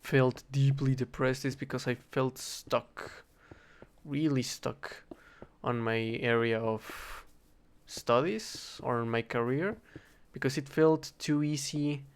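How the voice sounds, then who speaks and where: A man's voice: medium pitch, takes it slowly. Rambling young man, hesitant and self-correcting. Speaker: English teacher. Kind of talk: casual rambling talk while gaming.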